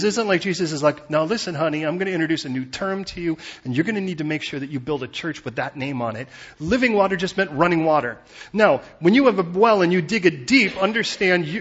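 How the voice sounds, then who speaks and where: A man preaching in a loose, conversational way, with a slightly raised pitch and a husky edge to his voice. The recording sounds dull and lo-fi. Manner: conversational and animated, acts out biblical voices. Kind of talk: sermon.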